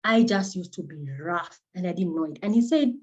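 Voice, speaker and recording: A Kenyan woman psychotherapist, a native Kimeru speaker, giving an animated and earnest talk built around personal stories. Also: fairly low pitch, brisk, dull audio. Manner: animated, acts out quoted voices, earnest.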